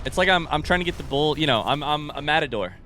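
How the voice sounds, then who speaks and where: A male streamer talks through a video game live, excitable and jokey, swearing often. His voice is bright and swings widely in pitch. Soft game music plays behind him. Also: fast. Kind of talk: live gaming commentary.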